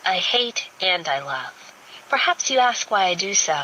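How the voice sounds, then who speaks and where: A woman voicing a gentle, heartsick young woman who speaks softly and placatingly. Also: mid-range voice, very animated, measured pace, dull audio, slight background noise. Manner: soft, placating.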